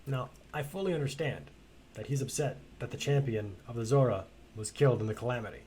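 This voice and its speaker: A man's voice: medium pitch, fairly quick, darkish tone, a little hiss or hum. Male streamer, casual let's-play commentary, blunt and rambling, swears a lot. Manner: chatty and blunt, swears freely, rambling asides. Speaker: game streamer.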